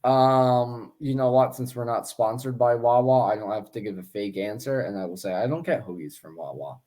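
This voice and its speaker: A man's voice: medium pitch, normal speed, mellow. A man co-hosting a casual sports podcast, chatty and joking, with many fillers and restarts. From Philadelphia area. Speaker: podcast co-host.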